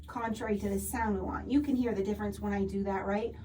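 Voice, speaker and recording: A woman's voice: mid-range voice, steady tone, fast. A woman teaching a one-on-one singing lesson who explains patiently with lots of "like" fillers and breaks into short sung vowel demos. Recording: distant mic with loud piano music.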